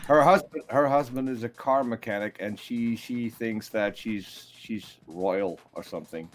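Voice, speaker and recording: A man chatting on an online quiz call, halting and restarting, then bursting out loud. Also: lowish voice. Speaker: quiz guest. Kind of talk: casual group chat.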